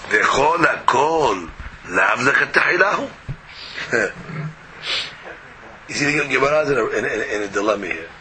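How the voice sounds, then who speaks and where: A man's voice: medium pitch, pushed and bright, a little hiss or hum, poor audio. A man teaching a Talmud class, arguing both sides with rhetorical questions.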